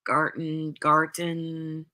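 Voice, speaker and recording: A woman hosts a craft live stream and chats loosely with viewers, drifting between thoughts with plenty of "like" and "um". She talks in no hurry, her voice sitting a little low but sounding bright and forward. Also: completely flat delivery, extremely slow. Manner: chatty and rambling, full of "like" and "um". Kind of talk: casual live-stream chat, answering viewers.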